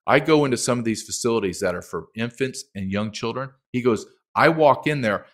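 A man's voice: mid-range voice, expressive, brisk. A middle-aged man speaking as a documentary filmmaker guest in a heated interview, emphatic and impassioned, acting out quotes.

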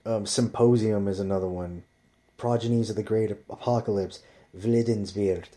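A man's voice: fairly low pitch, steady tone, normal speed, warm tone. A man telling rambling stories in casual chat, swearing constantly as he talks. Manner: profane, rambling storyteller.

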